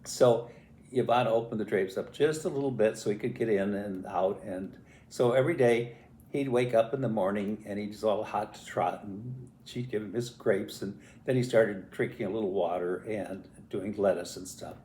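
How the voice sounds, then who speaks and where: An older man telling a family story in a casual, animated way, acting out voices and sounds as he goes. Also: on the low side, normal speed. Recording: roomy echo.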